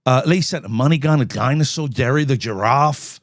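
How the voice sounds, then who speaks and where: A man's voice: medium pitch, a little fast. A man hosting a live call-in stream, brash and sweary, bantering with callers.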